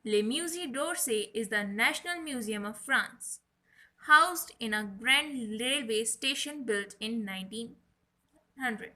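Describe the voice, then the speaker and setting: A woman teaching French words slowly, repeating each one for viewers to say along. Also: fairly high pitch, sharp tone, low-quality recording. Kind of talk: French vocabulary lesson.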